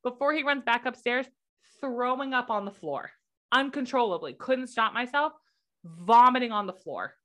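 A young woman from the United States co-hosting a casual podcast, telling stories with lively acted-out quotes. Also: on the high side, moderate pace. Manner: animated storytelling, acts out quotes. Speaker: podcast co-host. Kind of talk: casual chat.

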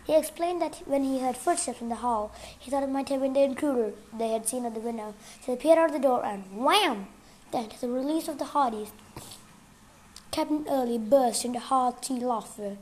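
A woman's voice: high-pitched, normal speed, darkish tone, a little hiss or hum. A woman reading a novel aloud casually, sometimes stumbling and restarting words. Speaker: reader.

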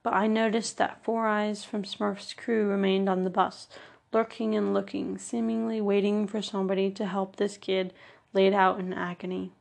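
A woman narrates a memoir in the first person, her voice set at an ordinary middle pitch. There is a steady gravelly fry running through her delivery. She stays earnest and measured, pressing on each word in a list. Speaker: audiobook narrator.

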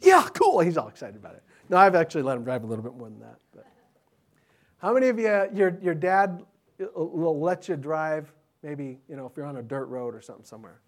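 Here the middle-aged pastor's voice is a little high and his pace brisk. Telling stories for a children's sermon, he stays animated and chatty, often beginning sentences again.

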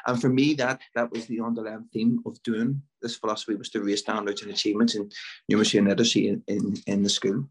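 A middle-aged man with a Belfast accent, a school principal telling stories in a casual interview, lively and full of restarts. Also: fairly low pitch, quick pace, slightly rough, poor audio. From Northern Ireland. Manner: animated storyteller with many restarts and repeated words.

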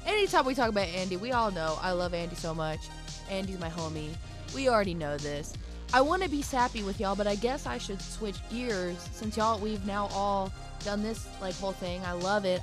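Lively bubbly woman co-host. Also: mid-range voice, moderate pace, music in the background. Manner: bubbly, laughs easily. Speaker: podcast co-host. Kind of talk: casual podcast chat.

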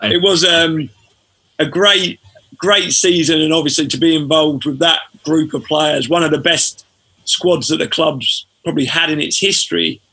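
A man, a former footballer telling stories as a podcast guest in a relaxed way. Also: on the high side, normal speed, vocal fry, breathy edge. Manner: relaxed storytelling, frequent fillers. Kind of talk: casual podcast interview.

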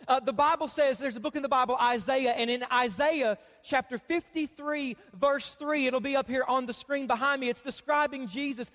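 High-voiced pastor in his thirties. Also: normal speed, few pauses. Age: 30s. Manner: animated, joking with the congregation. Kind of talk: sermon. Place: church sanctuary. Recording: long hall reverb.

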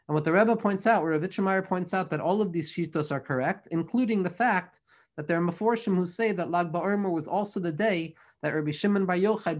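Speaking with a voice pitched a bit high for a man, an earnest Torah teacher lectures on religion, his long phrases flowing along as he blends Hebrew and Yiddish words into English.

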